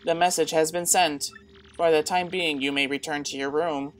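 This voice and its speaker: A woman voicing a calm male computer in a flat, measured, lowered voice. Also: slight background noise, close to an everyday voice.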